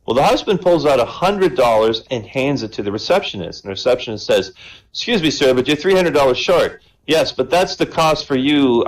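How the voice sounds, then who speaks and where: At an online comedy show, a man tells jokes in a chatty, conversational way, tagging lines with "right?" and raising his voice to play characters. His pitch is medium, and the recording is low quality.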